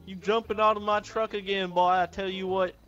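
A man's voice: high voice, flat delivery, a little fast, bright, forceful tone, muffled recording, faint music behind. A man role-playing a jittery, rowdy redneck who wants to recruit people into his gang, talking in a folksy way. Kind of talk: video game role-play.

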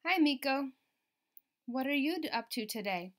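A woman's voice: high voice, lively intonation, normal speed, fairly bright tone. A woman voicing a smart, cheerful young girl who greets her neighbors in a children's storybook. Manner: friendly greetings.

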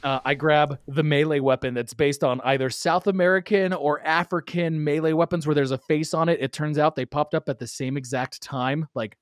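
A man telling a long story in casual podcast chat, animated and laughing as he acts out the quoted lines. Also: fairly high pitch, normal speed, few pauses, no echo, clean studio sound.

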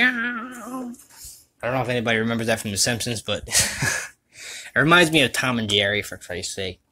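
A young man rambling through a casual livestream chat, self-mocking and quick to laugh, recorded at home on a computer mic. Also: medium pitch, sing-song, sharp tone. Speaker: vlogger and voice dubber.

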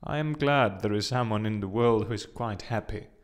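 A man's voice: lowish voice, moderate pace, natural voice. A man muttering as a disappointed townsman. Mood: glum. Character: disappointed grown man in a crowd.

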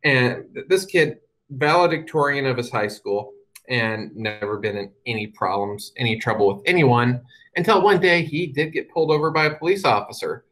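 A man's voice: mid-range voice, moderate pace, fairly bright tone, poor audio. A man giving a talk as a guest speaker, telling stories with a wry, humorous touch and plainly explaining his points. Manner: wry, humorous storytelling with dry asides. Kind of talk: storytelling presentation to an audience.

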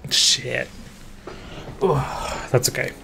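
A man streaming a game live, chatting casually in a relaxed, self-deprecating way and mumbling to himself. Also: mid-range voice, extremely slow, vocal fry, noisy background.

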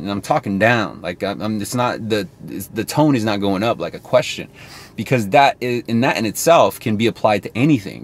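A man with a lowish voice talks casually to camera, coaching viewers on sales. He is chatty and thinks aloud as he goes.

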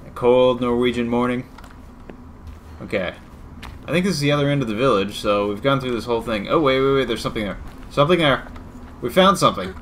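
A man's voice: mid-range voice, a little fast, long pauses, a bit bright, slight background noise. Guy playing a game and cracking sarcastic jokes, casual commentary. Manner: joking, sarcastic asides. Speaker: video game let's-player.

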